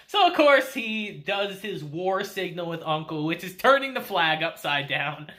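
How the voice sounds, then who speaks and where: Male anime reviewer, casual recap, bright, forceful voice, laughs a lot. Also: high-pitched, a little slow, hardly any pauses. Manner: animated, laughs often, swears casually.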